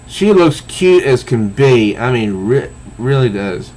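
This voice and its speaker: A man's voice: mid-range voice, sing-song, slow pace, a little mellow. A man casually reviewing a comic book, reading panels aloud with easygoing, enthusiastic asides.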